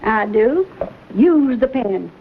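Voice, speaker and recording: A woman's voice: a little high, animated, slow pace, a little hiss or hum. An actress playing a stern frontier mother, scolding her grown son. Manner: scolding, commanding. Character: stern frontier mother, proud of family ties. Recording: thin phone-like old TV audio.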